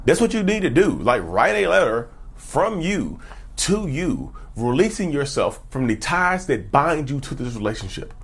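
Husky, animated man giving advice. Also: medium pitch, moderate pace. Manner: emphatic, preachy, piles up rhetorical questions. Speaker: self-help YouTuber. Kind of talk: casual direct-to-camera advice talk.

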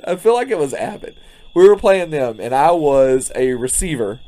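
A man's voice: on the high side, animated, moderate pace, warm tone. A man, a podcast co-host telling a story in casual chat, laughing often. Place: front porch, outdoors.

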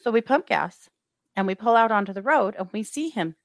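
A woman co-hosting a true crime podcast, retelling a trip in easy casual chat. She slips into the voices of the people she quotes. Her pitch sits in the middle, and the sound is dry and close. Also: a little fast, no echo. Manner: lively retelling with acted-out quotes.

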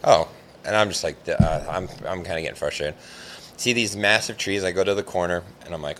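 A man with a very low, deep voice spins a long, rambling fishing yarn in easygoing conversation. He leans on "like" constantly and gets animated as the story builds. A faint hiss of background noise sits under the recording. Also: fairly quick. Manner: rambling, animated, heavy use of "like". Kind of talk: casual storytelling chat.

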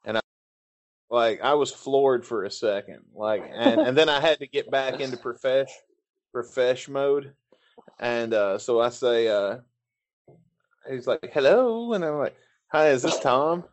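A man's voice: mid-range voice, unhurried, pauses often. A man hosting a podcast, telling a long, rambling, profane story in casual chat. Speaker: podcast host.

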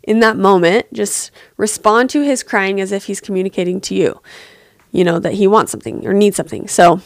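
A woman on a podcast answering a listener's parenting question in a gentle, empathetic way, pausing to think aloud as she talks. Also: mid-range voice, gravelly, no echo, studio quality.

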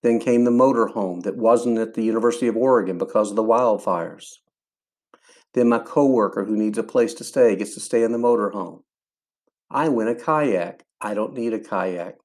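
A man, older, hosting a faith podcast and telling a personal story in an earnest, animated way, acting out what people said. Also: fairly low pitch, moderate pace. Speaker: podcast host.

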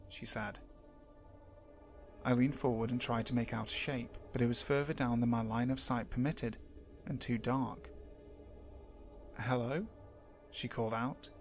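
A man reading first-person horror stories aloud in a measured, steady voice that drops low for suspense. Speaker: horror story narrator. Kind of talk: scripted horror narration.

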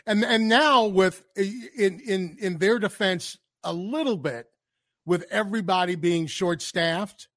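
A man with a notably high voice co-hosting a loose comedy chat show. He answers in dry, wry asides and sly riffs. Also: slow, fairly bright tone. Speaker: podcast co-host.

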